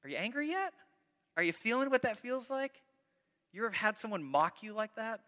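A man preaching a sermon, reading scripture aloud with dramatic, animated delivery and breaking off into conversational asides. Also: high voice, normal speed, in a large hall. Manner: conversational, self-interrupting. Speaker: pastor.

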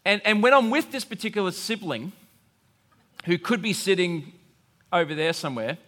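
Male preacher, bright high voice, chatty and lively, big reverberant hall. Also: normal speed. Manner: animated, conversational, acts out quoted voices. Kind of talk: sermon.

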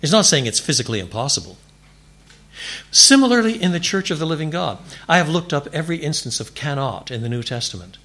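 Give me a male preacher with a bright, forward voice, delivering an animated sermon in a church. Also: fairly high pitch, quick pace. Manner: animated, building to emphatic repeated declarations. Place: church before a congregation.

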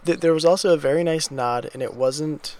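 Male co-host, relaxed easygoing delivery, thinking aloud in casual chat. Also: fairly high pitch, a little fast. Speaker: podcast co-host. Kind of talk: casual film discussion.

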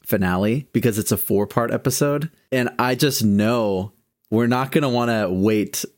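A man's voice: medium pitch, moderate pace, no echo, studio quality. A young man hosting a casual podcast chat, speaking with a morning voice and laughing easily. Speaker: podcast host.

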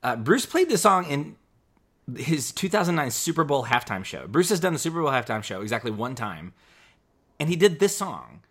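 A man's voice: fairly high pitch, very animated, normal speed, a bit bright, breathy edge. A man co-hosting a music podcast, talking casually and rambling, with frequent restarts. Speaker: podcast co-host.

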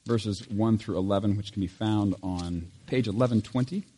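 A pastor with a fairly low voice reads scripture aloud to his congregation in a church. He speaks in a measured, steady way and rises in force on the stirring passages. The setting is a Sunday service. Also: slightly rough, in a large hall. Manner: measured reading, lifts voice on scripture. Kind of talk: church scripture reading and prayer. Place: church sanctuary.

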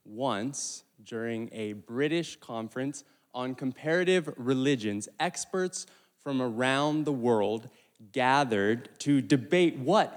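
Preacher, male, mid pitch, lively sermon with asides, big reverberant church hall. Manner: animated, with stumbles and asides. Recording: long reverb of a large hall.

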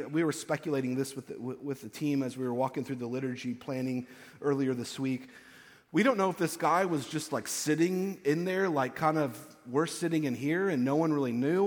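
Casual preacher in an echoey hall. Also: male voice, a little high. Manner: casual, animated, acts out quotes. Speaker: pastor. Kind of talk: conversational sermon. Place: church.

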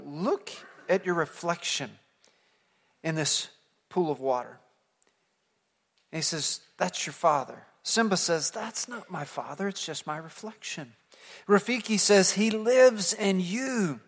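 A man from the United States preaching a sermon to his church, telling a story earnestly and rising to emphatic points before dropping soft. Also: fairly high pitch, big-room sound. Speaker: pastor. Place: church sanctuary.

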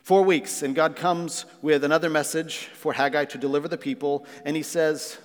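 A man's voice: a little high, fairly even intonation, normal speed, hardly any pauses. A man preaching an earnest sermon as pastor, using fillers and rising to emphatic questions. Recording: long reverb of a hall.

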